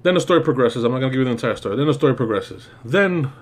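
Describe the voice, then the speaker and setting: A man's voice: medium pitch, expressive, very fast. Male reviewer host, casual exasperated rant, filler-heavy and profane, mid-range voice. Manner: ranting, exasperated, lots of fillers and swearing. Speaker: movie reviewer. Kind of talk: casual spoken movie review.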